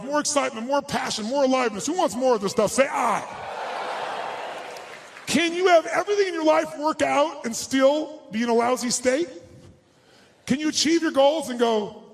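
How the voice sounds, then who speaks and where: A man giving a high-energy motivational seminar to a live crowd in a large hall. He barks instructions, quizzes the audience and swears bluntly. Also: a little hiss or hum. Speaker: motivational speaker.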